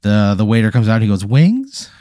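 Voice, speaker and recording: A man improvising a deadpan, escalating comedic story, acting out quotes from the people in it. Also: on the low side, fairly quick, no room sound, studio quality. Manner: deadpan, escalating absurd narration with acted-out quotes. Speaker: podcast host.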